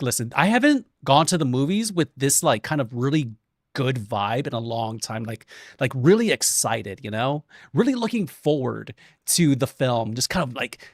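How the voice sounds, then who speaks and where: A young man streaming, chatting casually and telling a story, animated and swearing, acting out quotes in different voices. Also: medium pitch, dry recording, clean studio sound.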